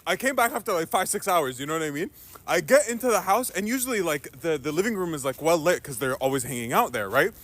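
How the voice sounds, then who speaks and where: Casual storyteller: high-voiced man, lively and swooping, swears freely. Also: fast talker. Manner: animated, laughing, swears freely.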